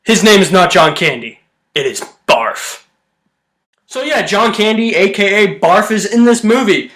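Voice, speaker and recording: A man's voice: high-pitched, expressive, fairly bright tone. A man giving a casual, joking movie review with lots of fillers. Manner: chatty, joking, full of fillers and quick voice impressions.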